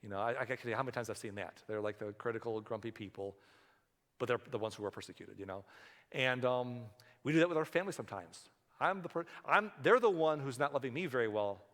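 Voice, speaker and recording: This man's mid-range voice is expressive, quick, and fairly bright. As a pastor giving a sermon in a church sanctuary with hall reverb, he speaks conversationally and frequently performs the voices of the people in his stories.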